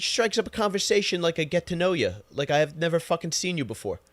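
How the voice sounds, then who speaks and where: A man's voice: a little high, sing-song, fast, no room sound. A young man hosting a podcast, telling profane, sarcastic stories in an exasperated rant. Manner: crude, sarcastic, exasperated storytelling. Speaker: podcast host.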